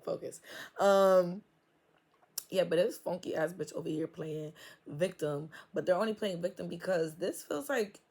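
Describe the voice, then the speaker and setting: A woman's voice: fairly low pitch, normal speed, mellow, husky. A woman giving a casual tarot reading, blunt and full of swearing, laughing often. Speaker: tarot reader. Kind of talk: casual spiritual reading, profane and playful.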